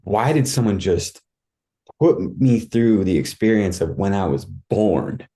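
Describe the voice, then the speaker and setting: Mellow low-voiced man telling a story. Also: expressive, measured pace. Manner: vivid retelling that acts out his own cries, full of "like" and "dude". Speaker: podcast guest. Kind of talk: casual storytelling.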